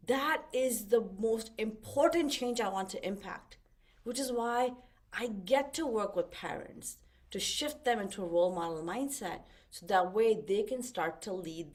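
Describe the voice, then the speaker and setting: A middle-aged woman life coach giving a motivational webinar talk, expressive, with lively swings in pitch and loudness.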